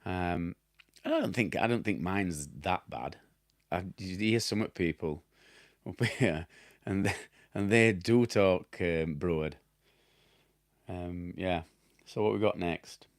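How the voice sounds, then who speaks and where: A deep-voiced middle-aged man with a broad Yorkshire accent chats casually to his viewers. He rambles, chuckles at himself and loses his thread now and then. The sound is dry and close, with no room around it. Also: takes it slowly, no room sound. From Yorkshire, England. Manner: rambling, chatty, laughs at himself, loses his train of thought. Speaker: damp specialist and former plasterer answering viewer questions. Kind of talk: casual chat.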